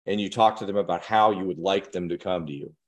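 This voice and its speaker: A man's voice: low voice, fast. A man giving an earnest, direct instructional talk to parents and educators, often putting questions to his listeners.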